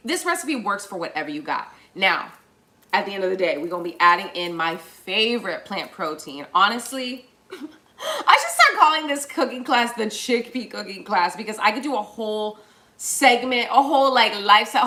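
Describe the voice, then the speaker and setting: During a casual live cooking demo, a woman talks playfully to her audience while preparing food, slipping into spontaneous bits of song. She has a mid-range voice with a bright, forceful tone.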